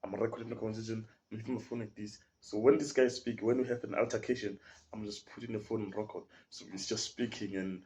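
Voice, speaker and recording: A man's voice: lowish voice, fairly even intonation, fast talker, a little mellow. A young man with a South African accent, telling a story in a casual podcast chat, full of slang and acting out the people in it. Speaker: podcast guest.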